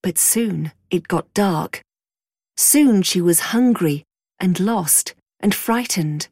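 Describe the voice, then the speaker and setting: A woman narrating a storybook in a clear, measured way. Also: lowish voice, expressive, darkish tone, no room sound, studio quality.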